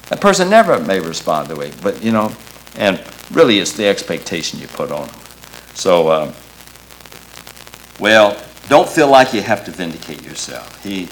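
A man preaching a sermon in an earnest, emphatic way, quoting scripture with halting restarts. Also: on the low side, sing-song, a little hiss or hum, poor audio.

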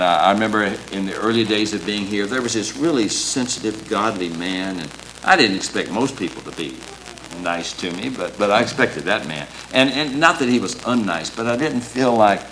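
A man preaching a sermon in an earnest, emphatic way, quoting scripture with halting restarts. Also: low-pitched, a bit bright, slight background noise, low-quality recording.

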